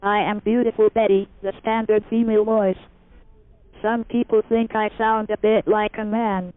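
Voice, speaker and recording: A man's voice: high-pitched, normal speed, clean tone, pitched above the performer's own voice, lightly acted. Beautiful Betty, a synthesizer doing a robotic woman. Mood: plain. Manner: robotic, monotone. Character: standard synthesized adult woman. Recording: lo-fi phone-like 1980s tape.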